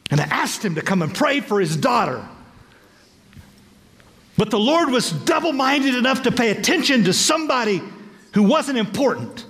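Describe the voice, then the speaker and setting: A man in his sixties, a bishop preaching a sermon with playful, animated storytelling and acted-out voices. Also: very high-pitched, big-room sound. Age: 60s.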